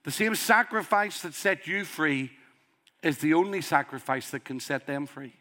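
A man's voice: fairly high pitch, lively intonation, moderate pace, sharp tone. A man with a strong accent preaching a sermon, earnest and emphatic, pressing his listeners with rhetorical questions. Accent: strong accent he calls a dialect.

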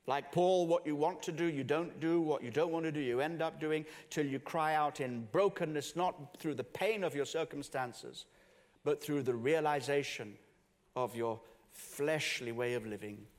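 A man preaching a sermon, swinging between hushed low passages and raised emphatic ones. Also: moderate pace. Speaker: pastor. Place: church hall with congregation and musicians. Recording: long reverb of a church hall.

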